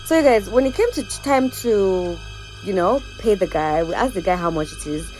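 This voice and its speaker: A woman's voice: mid-range voice, animated, normal speed, a little mellow, rough recording. A young woman from Uganda, chatting animatedly to viewers as a travel vlogger over background music. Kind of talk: casual travel vlog narration.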